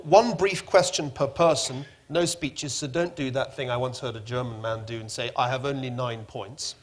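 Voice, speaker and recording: A middle-aged man moderating a public forum with a wry, lively manner. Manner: wry, lively, rising pitch when emphatic.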